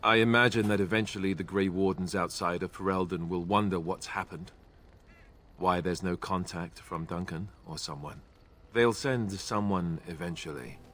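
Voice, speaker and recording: A man's voice: sits low, steady tone, moderate pace, a bit bright, slight background noise. An actor with a British accent playing a young male Grey Warden, a former templar with a dry, self-deprecating and hesitant way of talking. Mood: wry. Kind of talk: video game dialogue.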